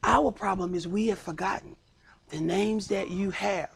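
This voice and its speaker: Man, priest, sermon, emphatic, high voice, gravelly. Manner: emphatic preaching, slows and shouts for stress.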